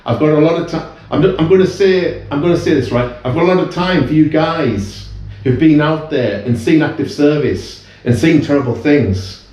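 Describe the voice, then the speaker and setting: A man's voice: on the high side, normal speed, darkish tone. A British man in his fifties, a guest in casual chat, talking earnestly and rambling with many restarts. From United Kingdom. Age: 50s. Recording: very echoey room, away from mic.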